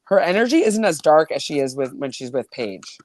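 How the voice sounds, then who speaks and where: Woman host, low-pitched and animated, chatty and rambling, dry close sound. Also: fairly quick, no room sound. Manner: chatty, giggly, rambling with lots of "like". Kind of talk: casual chat.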